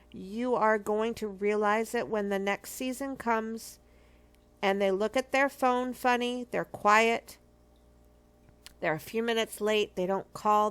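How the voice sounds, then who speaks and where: A middle-aged woman from a marriage ministry, giving an earnest, emphatic testimony and repeating key phrases for weight. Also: mid-range voice. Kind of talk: personal testimony teaching.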